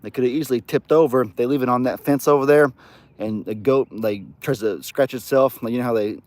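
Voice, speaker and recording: A man's voice: mid-range voice, fairly even intonation, brisk, darkish tone, dry recording. A man in a casual farm vlog, talking in a folksy, rambling way into a phone camera outdoors. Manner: folksy, rambling, coos baby talk at cats. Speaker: farm vlogger.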